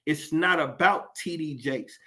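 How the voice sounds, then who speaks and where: A man's voice: fairly high pitch, measured pace, sharp tone. A man delivering a fiery, profane monologue, full of rhetorical questions and preachy emphasis. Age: adult. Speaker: commentator. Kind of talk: impassioned monologue.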